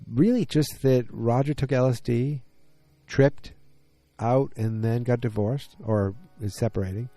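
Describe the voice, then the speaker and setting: A man's voice: mid-range voice, mellow, no room sound. A man in his forties casually recapping a TV episode on his own, rambling and hesitant, with lots of ums and asides.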